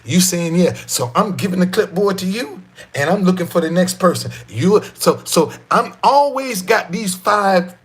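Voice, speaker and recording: Husky, animated D.C. man. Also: high voice, normal speed. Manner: profane, repetitive, emphatic street talk. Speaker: guest telling his life story. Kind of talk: animated storytelling.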